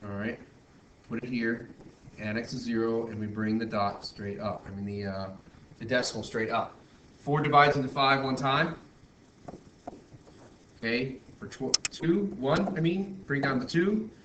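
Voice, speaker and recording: A man's voice: medium pitch, measured pace, long pauses, fairly bright tone. A male math teacher talking through a screen-recorded lesson, working step by step with frequent restarts and self-corrections. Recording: roomy echo, faint background noise.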